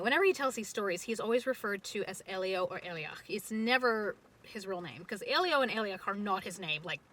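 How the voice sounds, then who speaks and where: A woman telling a family story casually, full of fillers and animated asides. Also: mid-range voice, poor audio. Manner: chatty, many fillers, animated.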